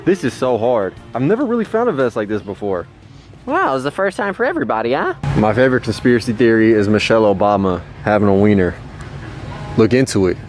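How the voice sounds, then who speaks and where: A man giving a joking vlog of his thrift store finds, hyped and goofy, often jumping into high silly voices. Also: very animated, quick pace, a little mellow, faint music behind. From Texas. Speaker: vlogger showing thrift finds. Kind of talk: casual joking vlog narration.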